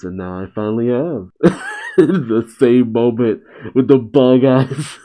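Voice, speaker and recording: A man's voice: medium pitch, slow, warm tone. A young man casually reading a manga chapter aloud and commenting, trying light voices for the characters and laughing often. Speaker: manga reaction host.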